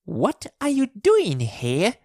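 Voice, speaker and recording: A man's voice: a little high, huge pitch swings, slow pace, darkish tone, husky, no room sound, studio quality, voice pushed up, heavily acted. A man voicing a selfish, bad-tempered girl of about nine in a storybook reading, speaking crossly and demandingly. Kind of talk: storybook reading with character voices.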